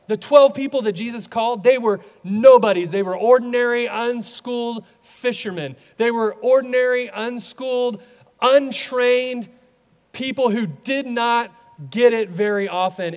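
A man preaching a sermon as a pastor, animated, acting out voices in his stories. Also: high-pitched, unhurried, in a large hall.

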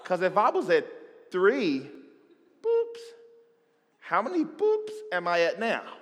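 A man's voice: sits high, huge pitch swings, measured pace, highs cut off, slight background noise. A man telling a stand-up story, acting out the scenes with sound effects. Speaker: stand-up comedian. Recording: echoey hall.

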